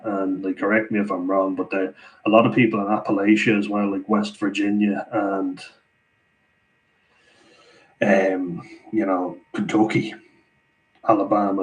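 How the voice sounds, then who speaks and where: Irish male streamer, casual live chat host, lowish steady voice, laughs a lot. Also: rough recording. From Ireland. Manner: chatty, laughs often, reads comments aloud. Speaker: livestream host answering viewer chat.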